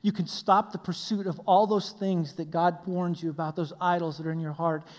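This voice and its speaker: A man preaching a sermon as a pastor. He tells stories with animation and swings between loud passages and hushed ones. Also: fairly high pitch, fairly even intonation, a little fast. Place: church hall. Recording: long hall reverb.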